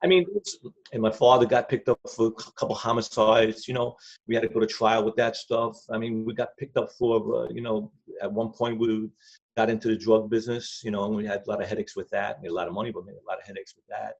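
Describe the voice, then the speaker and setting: A man's voice: fairly low pitch, flat delivery, fast, vocal fry, slightly rough. An older man telling casual, rambling anecdotes in blunt street grammar as an interview guest. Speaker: former crime crew associate, guest. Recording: dull lo-fi sound.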